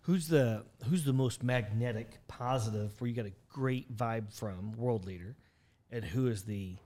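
A man's voice: mid-range voice, a little slow, mellow. Joking male interview host. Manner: joking, searching for words while asking. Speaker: podcast host. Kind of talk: casual interview.

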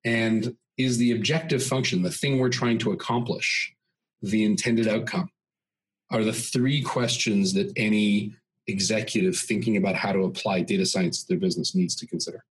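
Podcast guest: husky man, lowish voice, expansive storyteller who piles up examples. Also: moderate pace, poor audio. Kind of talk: conversational podcast interview.

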